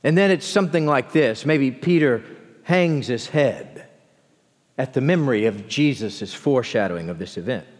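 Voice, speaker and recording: In a large church sanctuary, a pastor preaches expressively, letting his voice fall low and slow for emphasis. The recording carries the long reverb of the church hall.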